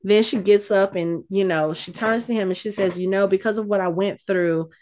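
A woman co-hosting a casual chat, retelling a scene with lively, acted-out quotes. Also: medium pitch, normal speed. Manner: animated storytelling, acts out quotes. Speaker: podcast co-host recapping a TV episode.

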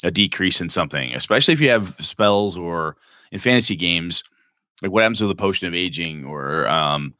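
A man's voice: deep voice, bright, forceful tone, no room sound, studio quality. A man co-hosting a podcast, chatting casually and rambling about role-playing games as he thinks aloud. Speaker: podcast co-host.

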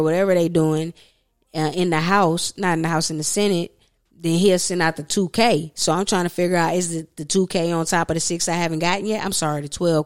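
A woman's voice: lowish voice, clean tone. Ranting woman on a casual podcast. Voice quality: profane, ranting, animated storyteller. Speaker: podcast co-host. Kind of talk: casual chat.

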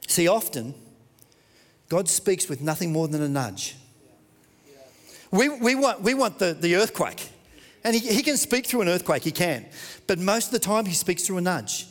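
High voiced pastor preaching, goes big then drops soft, long echo off the hall. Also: male voice, animated, normal speed. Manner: dramatic, swinging from loud to hushed. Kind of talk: sermon.

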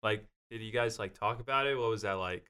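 A man's voice: lowish voice, a little fast, sharp tone, smooth. A man hosting a podcast, casually asking the guest follow-up questions. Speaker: podcast host. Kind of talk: casual interview.

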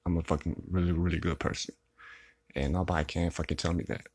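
A man's voice: deep voice, steady tone, quick pace, a little mellow, a little hiss or hum. A young man venting in a rambling, profane monologue, upset and close to tears, repeating himself often. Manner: rambling, profane, repeats "you know what I'm saying".

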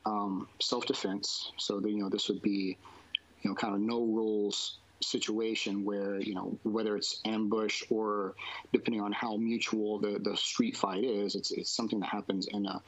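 A man's voice: on the low side, flat delivery, normal speed, no echo, rough recording. A man, a jiu-jitsu instructor, answering interview questions casually and rambling with lots of fillers and restarts.

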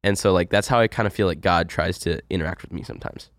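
Man, very deep voice, dry sound, relaxed rambling co-host, lots of "like". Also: fast talker, no room sound. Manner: relaxed, rambling, heavy use of "like". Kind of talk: casual podcast chat.

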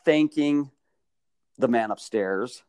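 A man telling stories in casual chat, animated and often laughing. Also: mid-range voice, slow pace, smooth, no room sound. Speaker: storyteller.

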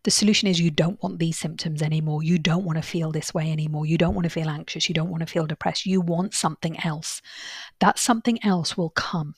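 A woman's voice: low-pitched, steady tone, brisk, husky, no echo, clean studio sound. A woman therapist hosting a podcast monologue, earnest and reassuring, who repeats phrases for emphasis as she shares client stories. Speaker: solution-focused therapist, podcast host.

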